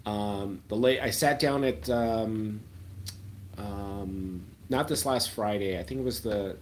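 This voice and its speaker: A man's voice: lowish voice, slow pace, a little hiss or hum. Chatty man hosting a casual live stream. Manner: chatty, trails off into ums and drops to a mumble at line ends. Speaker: slot-machine YouTuber hosting a live chat. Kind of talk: casual live-stream chat, answering viewer comments.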